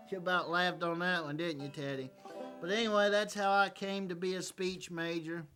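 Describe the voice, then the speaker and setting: A man's voice: on the high side, moderate pace, bright, forceful tone. A man hosting a casual talk show, reading fan mail and telling joking stories in a folksy way. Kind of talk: casual comedic chat. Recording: faint banjo music behind.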